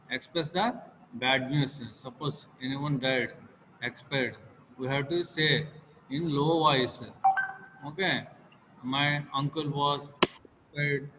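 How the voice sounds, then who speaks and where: Male teacher, halting repetitive lecture, room hiss in the background. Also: mid-range voice, long reverb tail. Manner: repetitive, halting with many fillers. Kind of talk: classroom lecture. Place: classroom.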